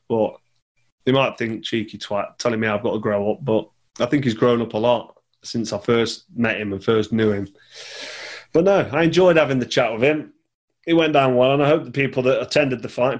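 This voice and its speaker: A man, chatting casually over a call, rambling and repeating words. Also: mid-range voice. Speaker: podcast guest, former boxer. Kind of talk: casual chat.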